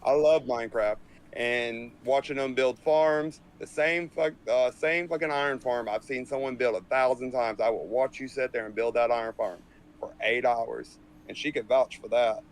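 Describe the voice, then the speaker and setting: A man's voice: medium pitch, normal speed, a little hiss or hum, low-quality recording. A man in casual chat, talking emphatically, repeating himself and swearing casually.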